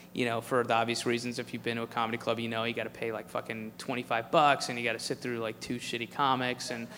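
A man's voice: medium pitch, a bit bright, in a large hall, a little hiss or hum. A man doing a stand-up routine, telling a rambling story with sarcasm and lots of swearing. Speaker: stand-up comedian.

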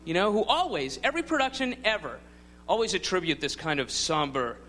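A man's voice: sits high, expressive, fairly quick, bright, forceful tone. A man doing a stand-up routine on a club stage, rambling with wry laughing asides. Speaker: stand-up comedian. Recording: live club with crowd and noise.

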